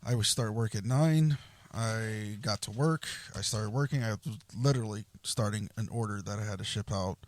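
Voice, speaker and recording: A man on a podcast quietly recounting a morning, sighing now and then and swearing casually. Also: fairly low pitch, normal speed, no room sound. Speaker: podcast co-host. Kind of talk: casual storytelling.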